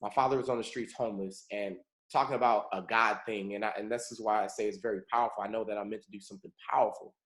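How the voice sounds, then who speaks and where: A man's voice: fairly low pitch, steady tone, fast talker, few pauses, a bit bright. A man from California leading a morning mentorship call, telling a personal story in an earnest, motivational way and often calling his listeners folks. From Pomona, California. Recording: roomy echo.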